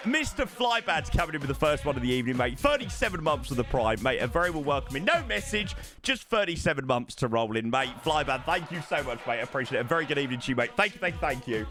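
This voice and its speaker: A man live-streaming a flight sim, chatting excitedly and thanking subscribers, calling everyone mate. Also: fairly high pitch. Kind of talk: live stream chat while flying.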